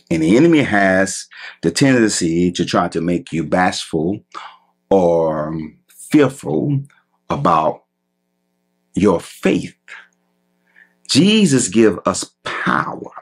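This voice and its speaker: Man, pastor, sermon, husky, low voice, slow drawn-out delivery. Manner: preaching with long drawn-out emphatic phrases.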